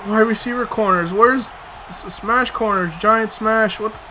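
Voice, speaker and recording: A man's voice: sits high, a little slow, pushed and bright, slight background noise. A man commenting on his own gameplay, muttering to himself, swearing in frustration and breaking into sudden outbursts. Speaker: let's play host.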